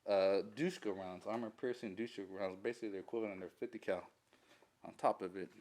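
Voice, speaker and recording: A man with a lowish voice tells a war story as a veteran guest in a casual interview. He swears a lot and talks in an animated way, often laughing through his telling. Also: quick pace.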